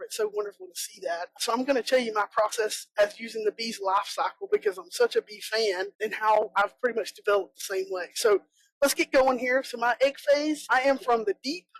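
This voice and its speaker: A woman's voice: a little high, sing-song, fairly quick, no room sound, poor audio. A woman from South Georgia with a Southern American accent, giving a chatty, joking conference talk as a bee inspector. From South Georgia, USA. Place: conference room.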